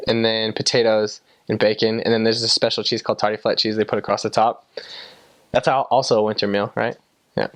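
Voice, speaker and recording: A man's voice: mid-range voice, no room sound. A young man from the United States, a former missionary, answering interview questions in a chatty way with lots of fillers.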